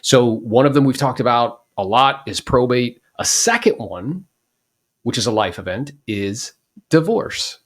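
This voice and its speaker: A man's voice: mid-range voice, expressive, measured pace. A man in his forties hosting a podcast, talking casually and animatedly about real estate, acting out the people he quotes.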